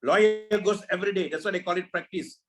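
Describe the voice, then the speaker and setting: A man's voice: high voice, quick pace, loud music behind the voice, poor audio. A man leading a network marketing meeting over a video call, giving a preachy motivational talk full of repeated rhetorical questions.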